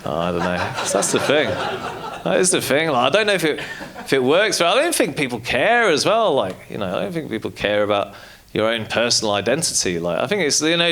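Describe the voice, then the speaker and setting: Rambling, profane male stand-up comedian. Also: mid-range voice. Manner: rambling, casual and profane, full of fillers. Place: comedy club stage with audience. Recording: live comedy club with loud audience.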